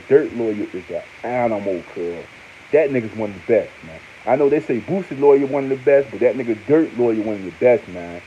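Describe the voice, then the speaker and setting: Animated man, lively slang-heavy rant. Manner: animated, swings to high exclaims, heavy slang and repeated fillers. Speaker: online commentator. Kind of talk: casual monologue on hip hop news. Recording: muffled lo-fi with faint hiss.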